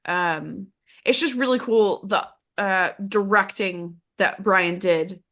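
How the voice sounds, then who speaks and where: A woman's voice: medium pitch, slow pace, bright, forceful tone. A woman co-hosting a book podcast, chatting enthusiastically and rambling with fillers. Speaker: podcast co-host. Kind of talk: casual book chat.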